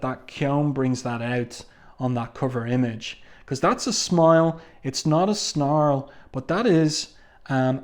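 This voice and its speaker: A man's voice: medium pitch, darkish tone. Chatty man reviewing a comic. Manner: conversational, chatty, with frequent ums and asides. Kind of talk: casual comic review, reading panel dialogue aloud.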